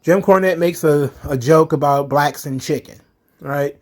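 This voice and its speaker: A man's voice: on the high side, a little slow, darkish tone. A man giving an angry, profane commentary rant as a wrestling vlogger, heated and emphatic.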